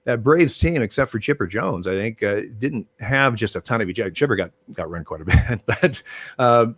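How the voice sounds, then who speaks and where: An older man, a retired umpire, telling stories in a relaxed interview, with many fillers and restarts. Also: fairly low pitch, normal speed, no room sound. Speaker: retired baseball umpire, guest. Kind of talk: casual interview storytelling.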